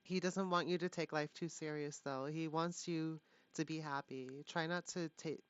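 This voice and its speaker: Low-voiced woman giving a tarot reading. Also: steady tone, no echo. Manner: halting, full of fillers and restarts. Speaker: tarot reader. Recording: dull lo-fi, dry sound.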